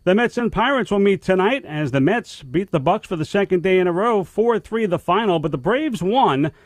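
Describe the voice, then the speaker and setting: A man's voice: high-pitched, animated, moderate pace, no room sound, studio quality. A man reading sports news and station promos in a radio newscast. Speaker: news anchor.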